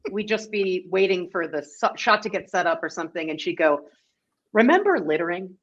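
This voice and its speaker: A woman's voice: lowish voice, a little fast, fairly bright tone, dull audio. A woman guesting on a livestream, chatty and laughing as she rambles through a story. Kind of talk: casual livestream chat.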